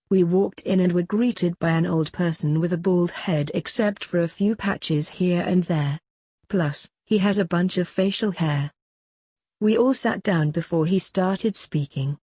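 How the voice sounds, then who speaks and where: A woman reading an amateur first-person audiobook in a plain, steady way. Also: on the low side, no room sound. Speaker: audiobook narrator.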